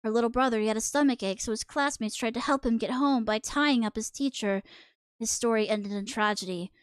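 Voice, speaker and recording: A woman's voice: fairly high pitch, fairly quick, clear, resonant tone, dry recording, studio quality, voice pushed down, close to an everyday voice. A woman voicing a stern male schoolteacher who speaks in a solemn, lecturing way while reading a manga aloud. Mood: grave.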